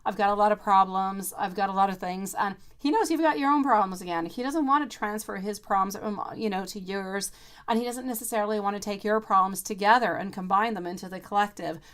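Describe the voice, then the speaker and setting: A woman's voice: mid-range voice, fairly quick, fairly bright tone. A woman in her thirties doing a live-streamed tarot reading, chatty and affectionate, calling her viewers sweetie. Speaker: tarot reader.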